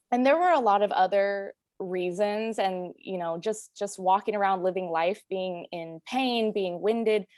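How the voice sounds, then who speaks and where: A woman's voice: mid-range voice, no echo, clean studio sound. A woman in her late twenties, a guest telling her own story in a frank, earnest way, with many "like"s and "you know"s. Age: 20s. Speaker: interview guest. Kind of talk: personal story in a recorded conversation.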